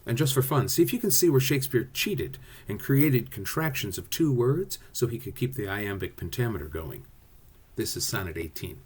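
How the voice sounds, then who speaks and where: Expressive husky-voiced drama teacher. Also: male voice, mid-range voice, normal speed. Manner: expressive, explanatory. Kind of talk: recorded lesson.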